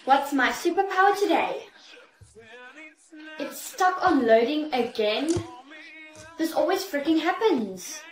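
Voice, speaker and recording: A woman's voice: high-pitched, lively intonation, slow, pauses often, echoey room, rough recording. A text-to-speech woman's voice playing a sassy schoolgirl with a superpower. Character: sassy schoolgirl with a mind-control power.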